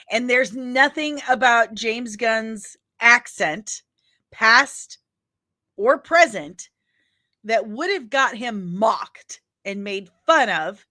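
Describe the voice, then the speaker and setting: Her voice sits a little high, bright and forceful. She's a St. Louis, Missouri native with the local accent, ranting casually on her daily comics news show, emphatic and exasperated, and she often finishes a point with "okay?"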